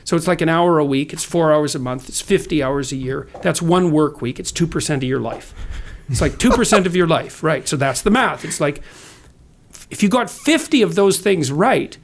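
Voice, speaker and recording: A man's voice: a little high, lively intonation, moderate pace, slight background noise. A man speaking as a podcast guest, earnest and lecturing, with sardonic asides. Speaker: guest author. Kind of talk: conversational podcast talk.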